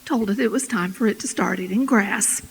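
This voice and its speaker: A woman telling a folktale in tandem with a partner at a storytelling festival, in a measured, plain way. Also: mid-range voice, creaky. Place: festival stage. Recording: echoey hall.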